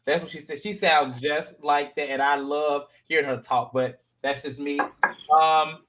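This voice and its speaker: A man hosting a casual panel chat, animated and jumping into high voices to act out quotes. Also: a little slow. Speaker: podcast panel host recapping a reality show.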